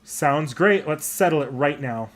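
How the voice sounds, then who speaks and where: Man narrating a game in soft first person. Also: a little high, expressive, a little slow, soft background music. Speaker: anime club member narrating a game. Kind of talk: reading a visual novel aloud.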